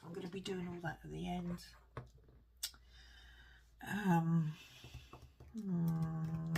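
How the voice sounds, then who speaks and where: A woman's voice: fairly low pitch, steady tone, slow pace, vocal fry, pauses often, noisy background. A woman chatting through a card-making tutorial at her craft table, rambling and self-deprecating as she mutters to herself while she works.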